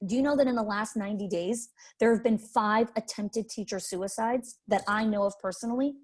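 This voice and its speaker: A woman's voice: mid-range voice, a little fast. A woman leadership coach teaching a webinar in an emphatic way, repeating her key points. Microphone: webinar microphone.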